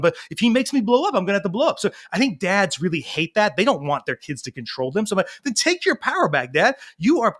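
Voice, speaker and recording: An animated man in his thirties telling stories in a casual interview. His voice sits a little high for a man, and he slips into the voices of the people in his stories. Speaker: parenting coach and guest. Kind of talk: conversational storytelling.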